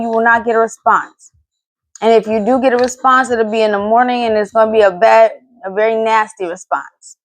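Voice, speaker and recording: Her voice sits a little high and the recording has no room sound. She's a podcast host in her thirties, alone on the mic, delivering a profane, exasperated, blunt rant.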